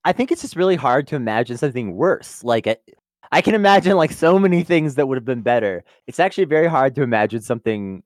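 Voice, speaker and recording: A man's voice: medium pitch, expressive, fast talker, no room sound, clean studio sound. A man co-hosting a casual review podcast, exasperated and laughing often, swearing as he rants. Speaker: podcast co-host.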